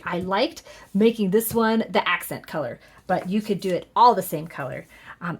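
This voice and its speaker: A middle-aged woman chatting her way through a card-making tutorial, upbeat and full of fillers and quick self-corrections. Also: on the low side. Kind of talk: casual crafting tutorial.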